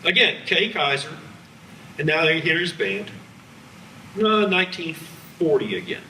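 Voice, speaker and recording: A man's voice: a little high, animated, a little slow, background noise. A man giving a public lecture to an audience, chatty and wry, with asides thrown to the listeners. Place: museum lecture room. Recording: roomy hall sound.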